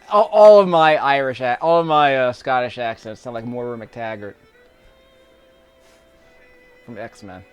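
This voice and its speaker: With a clear, resonant, mid-range voice, this YouTube commentator gives rambling let's-play commentary on a video game. He chuckles frequently between his casual remarks.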